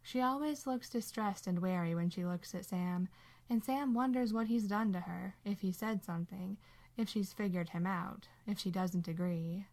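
Calm woman reading a story aloud. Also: medium pitch, normal speed. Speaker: narrator. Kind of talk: audiobook reading of fan fiction.

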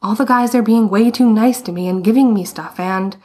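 A woman voicing an anxious, flustered young man in a story, with a rushed, pleading way of talking. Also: fairly high pitch, darkish tone, voice pushed up, natural voice.

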